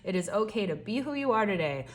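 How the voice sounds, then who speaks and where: A woman giving a casual, encouraging daily tarot reading, chatty and gentle, often checking in with "right?". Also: medium pitch, sing-song, fast. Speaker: tarot reader.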